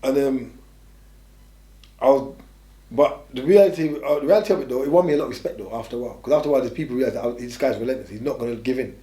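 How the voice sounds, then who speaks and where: An English man, an interview guest, tells stories conversationally in fast, streetwise slang with repetitive, emphatic phrasing. His voice is mid-range and warm, and the room is echoey.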